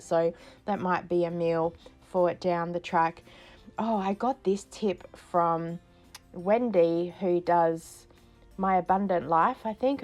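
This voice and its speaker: A woman's voice: lowish voice, a little mellow. Chatty Australian woman vlogging. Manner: chatty storyteller, laughs often. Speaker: frugal living vlogger. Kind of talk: casual vlog chat.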